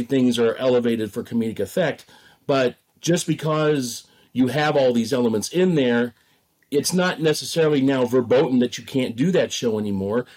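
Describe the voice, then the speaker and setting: A theater director talks through his approach in an interview. He is measured and thoughtful and hedges often with "sort of". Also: mid-range voice, darkish tone.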